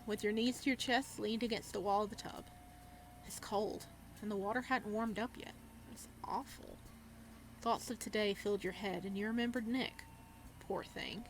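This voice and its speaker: A woman's voice: on the high side, a little hiss or hum. A woman hosting a gaming channel, reading a horror visual novel aloud with dramatic delivery and startled, swearing reactions.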